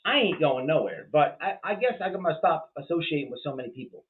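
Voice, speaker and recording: A man's voice: a little high, animated, fast. A man hosting a casual livestream, rambling bluntly and with profanity as he reacts to chat, full of fillers and restarts. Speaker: livestream host. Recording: tinny phone-like sound.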